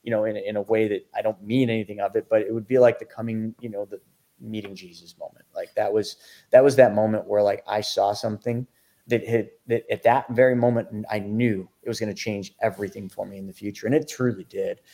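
A middle-aged man, a podcast guest, telling his story of becoming a financial educator in a lively, animated way. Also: fairly low pitch, a little fast. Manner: lively, acts out his own past reactions.

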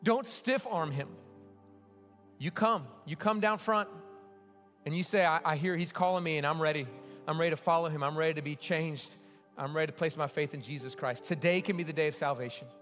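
A high-voiced male pastor preaches in a large church sanctuary, rising to loud urging and then dropping to a hushed plea. His words ring out with a long reverb, and faint music plays behind him. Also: fairly quick. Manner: impassioned preaching that swings between loud urging and hushed pleading. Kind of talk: sermon with altar call.

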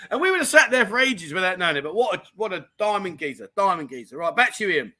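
A man hosting a casual livestream, chatty and animated, reading out viewer comments with plenty of slang. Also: high voice, quick pace, background noise. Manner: chatty and animated, full of mate and diamond geezer slang. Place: home in Thailand.

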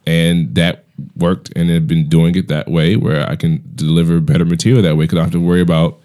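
A man's voice: low voice, flat delivery, fairly quick, warm tone. A man who is a comedian guest on a podcast, speaking in a blunt, profane, storytelling way. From United States. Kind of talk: casual chat.

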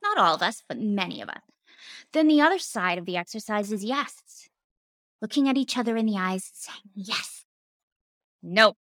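A woman's voice: mid-range voice, lively intonation, a little fast, a bit bright, no room sound. A woman coach and former therapist giving a casual teaching talk, earnest, with emphatic repetitions and casual slang.

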